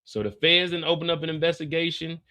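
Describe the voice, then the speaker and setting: Animated, slangy man recapping a show. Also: on the high side, quick pace. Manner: animated, slangy, acts out scenes with laughter. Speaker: YouTube after-show host. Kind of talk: casual TV episode recap.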